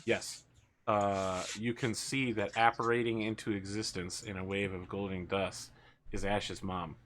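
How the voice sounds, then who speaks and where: A man's voice: on the low side, level tone, measured pace, fairly bright tone, a little hiss or hum. A man running a tabletop game as game master, mixing teasing banter with scene narration.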